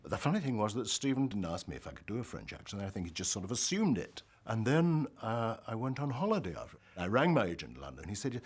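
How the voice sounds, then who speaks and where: A male actor telling an animated, theatrical story in an interview. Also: on the low side, quick pace, few pauses, husky. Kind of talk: interview anecdote.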